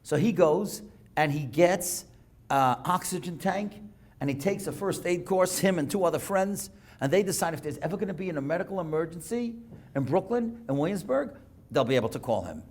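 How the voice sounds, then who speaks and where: A man rabbi tells stories in a synagogue talk, his voice pitched high with a gravelly edge. He speaks in an animated way, reads Hebrew texts aloud and translates them as he goes. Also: normal speed. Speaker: rabbi giving a guest lecture. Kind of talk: storytelling sermon. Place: synagogue lecture.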